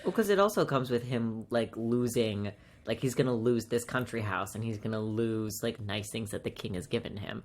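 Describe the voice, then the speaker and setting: A woman's voice: rumbling low, moderate pace. A woman co-hosting a podcast, adding laid-back, casual asides in conversation. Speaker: podcast co-host. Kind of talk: casual chat.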